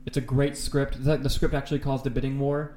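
A man's voice: medium pitch, flat delivery, brisk, warm tone, a little hiss or hum. Man, casual podcast chat, enthusiastic, rambling, swears a lot, echoey room. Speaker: podcast co-host. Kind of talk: casual chat about horror films. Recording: roomy echo.

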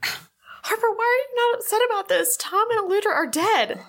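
A woman voicing a frantic young female adventurer who yells in shrill exasperation. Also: expressive, normal speed, exaggerated voice.

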